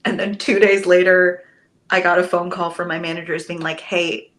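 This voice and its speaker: A young woman, a stage actress, telling a story in a relaxed interview and acting out the things she and others said. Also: lowish voice, a little fast. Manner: animated, quotes herself with lively voice shifts. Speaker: podcast guest, Broadway actress.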